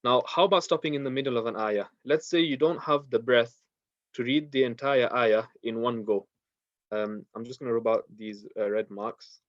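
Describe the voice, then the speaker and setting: Male recitation teacher: steady, repeats each step, mid pitch, dry and slightly muffled audio. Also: normal speed, no echo. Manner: patient, repeats steps, recites verses in Arabic. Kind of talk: online class lesson.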